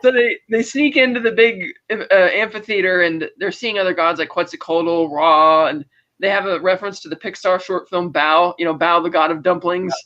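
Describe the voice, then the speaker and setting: A man with a high, bright voice, recapping a film's plot with lots of energy and quoted lines. He talks over a dull, lo-fi recording in a casual review chat. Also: normal speed. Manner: animated plot retelling, acting out lines. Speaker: podcast co-host.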